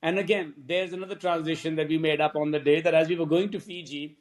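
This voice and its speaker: A man, a film director, telling lively stories in a podcast interview and acting out what other people said. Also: fairly high pitch, quick pace. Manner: animated anecdotes, acts out quoted voices.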